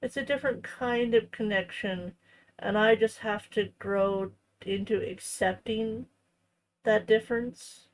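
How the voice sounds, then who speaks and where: A woman hosting a crafting channel, chatting casually in a tender, reflective way, often halting and restarting her sentences. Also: mid-range voice, gravelly, a little mellow, rough recording. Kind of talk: casual chat while crafting.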